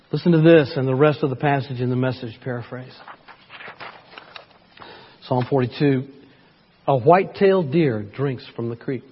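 Man, pastor preaching, husky and fairly high, reads scripture with emphatic peaks, muffled lo-fi church recording. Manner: asks the congregation for agreement. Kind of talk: sermon.

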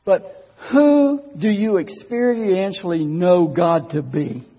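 A man with a high, husky voice preaches in a church, sharing his testimony in a folksy, chatty way and often stumbling over his first words. The audio is dull and lo-fi. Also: slow, big-room sound. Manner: folksy, conversational storytelling with stammered restarts. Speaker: guest preacher. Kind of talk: sermon with personal testimony.

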